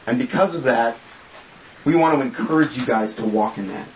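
A man with a mid-range voice and lively intonation leads a small group through a casual, joking yet earnest sermon and prayer at a moderate pace. He speaks as group leader and preacher in an echoey room, the sound slightly dull with a little background noise.

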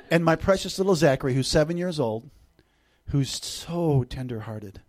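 In a brisk, animated sermon, a middle-aged guest preacher shifts between loud bursts and soft, intimate passages and throws in joking asides for the church congregation. His voice sits on the high side.

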